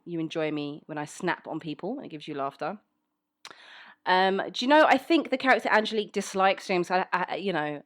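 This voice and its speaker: A woman with a fairly well-spoken South London accent, chatting frankly and reading out listener questions for a voice actor's Q&A. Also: deep voice. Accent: South London English, fairly well-spoken. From South London, England. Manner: chatty, frank, many "um"s, reads questions aloud. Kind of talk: casual Q&A chat.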